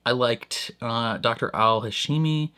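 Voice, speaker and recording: A man's voice: medium pitch, unhurried, pushed and bright, clear, resonant tone. A man giving casual reaction commentary on a show, rambling and full of fillers, often laughing. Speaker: reaction video host.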